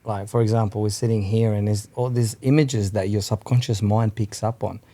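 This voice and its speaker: A man's voice: lowish voice, fairly even intonation, fairly quick, mellow. Rambling man chatting as a podcast guest. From Australia. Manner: rambling, keeps adding "you know what I mean" and "man", swears freely. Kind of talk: casual chat.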